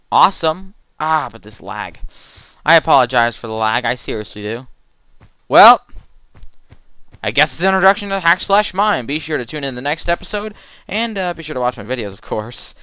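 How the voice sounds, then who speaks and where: A man commentating his own gameplay, excitable and given to panicky strings of no no no. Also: on the high side, clean tone, dry recording. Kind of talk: let's play commentary.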